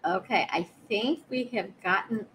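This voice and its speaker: Woman hosting a live stream, reads out questions, mid pitch, faint hiss. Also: a little slow, fairly bright tone, low-quality recording. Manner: friendly, reads out viewer questions. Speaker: host.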